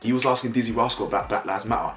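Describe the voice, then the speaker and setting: A young man with giving opinionated vlog commentary, getting worked up so his voice leaps high when he is indignant. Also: rapid-fire, a bit bright. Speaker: YouTube commentator. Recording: roomy echo, faint music behind.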